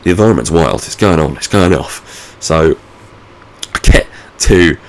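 A man's voice: rumbling low, animated, measured pace. A man vlogging from home, telling a rambling anecdote in casual, sweary, self-mocking talk. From United Kingdom. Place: at home, indoors.

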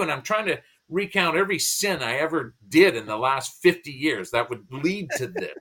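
Man, 50s, pastor-comedian guest; bright tone, animated storyteller who restarts his sentences. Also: fairly high pitch, moderate pace, few pauses. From United States. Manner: animated, restarts and repeats words. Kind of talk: conversational storytelling.

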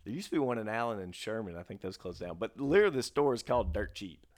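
A man with a lowish voice and a faded Texan twang co-hosts a podcast, talking fast with lively intonation. He tells stories in a rambling, easygoing way, restarting often and laughing easily in casual chat.

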